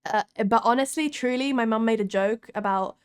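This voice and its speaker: A young woman from Italy telling an excited story to camera as a vlogger, often laughing and restarting her sentences. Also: on the high side, moderate pace, smooth.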